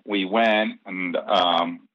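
A soap opera head writer, a man with a low voice, tells stories very slowly in a casual interview, livening them up by acting out the dialogue. There's no echo, and the lo-fi podcast audio sounds dull and dry.

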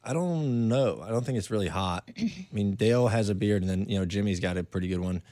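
A man's voice: on the low side, lively intonation, brisk, dark tone, no room sound, clean studio sound. A man co-hosting a podcast in casual chat, laughing often and telling stories with bursts of silly voices. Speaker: podcast co-host.

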